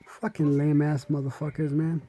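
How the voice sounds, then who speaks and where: A man's voice: fairly high pitch, little pitch movement, normal speed, warm tone, soft background music, poor audio. A man hosting a reaction video, giving brash, profane, trash-talking commentary.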